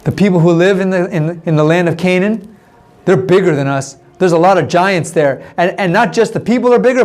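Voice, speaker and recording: A man's voice: very high-pitched, pitched above the performer's own voice. A man playing a frightened Israelite spy who stammers anxiously about giants, in a storytelling voice for children. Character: frightened grown-up Israelite spy, panicky and whiny.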